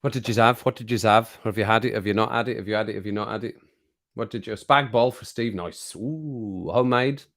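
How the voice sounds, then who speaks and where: A man's voice: fairly low pitch, steady tone, quick pace, creaky, fairly bright tone. A middle-aged man with a Birmingham accent hosting a livestream, chatting casually with viewers in a jokey, rambling way. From England. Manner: jokey, rambling, chuckles often. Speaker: livestream host. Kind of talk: casual chat to live chat.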